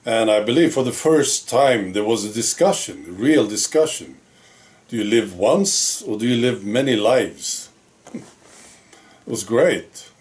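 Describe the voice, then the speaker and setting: Slow, musing male vlogger. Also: medium pitch, a little mellow. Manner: musing, full of rhetorical questions. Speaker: channel host. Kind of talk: reflective monologue to camera.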